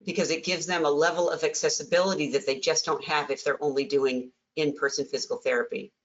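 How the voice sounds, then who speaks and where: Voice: medium pitch, steady tone, quick pace. A webinar moderator hosting a question-and-answer session in an upbeat, encouraging way. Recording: dull lo-fi webinar audio.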